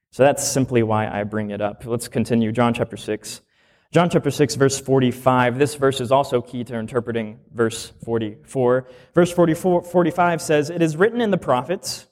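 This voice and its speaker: A man's voice: on the high side, darkish tone. A man, a minister, teaching a conversational sermon and often asking rhetorical questions.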